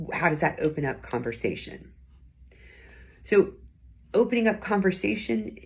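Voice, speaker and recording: Low, creaky and a little breathy, this woman's voice leads a weekly talk. She's a host and communication coach, explaining tone of voice in a friendly, encouraging style and demonstrating various tones herself.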